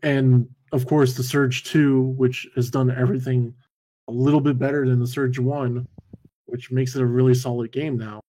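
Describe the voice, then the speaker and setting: A man's voice: mid-range voice, little pitch movement, moderate pace, dark tone. A man co-hosting a casual video game talk show. He talks in a laid-back way with dry, wry asides. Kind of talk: casual game-discussion chat.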